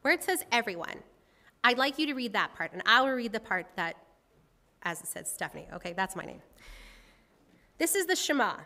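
A woman delivering a sermon in a bright, fairly high voice, her words trailing into a long hall reverb. She speaks earnestly and conversationally, drawing her listeners in. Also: big pitch swings, brisk, long pauses. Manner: leads congregation in responsive reading, conversational and earnest. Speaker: preacher.

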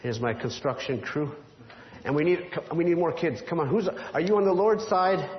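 A man's voice: fairly high pitch, moderate pace. A man leading a children's Bible lesson in a church hall, playful and quizzing the kids, chuckling often. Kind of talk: children's Bible story with props. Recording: echoey hall, dull lo-fi sound.

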